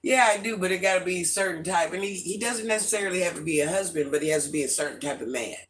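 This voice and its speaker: Racing along in a high voice, a middle-aged livestream host chats casually and animatedly, welcoming viewers by name and replying to their comments.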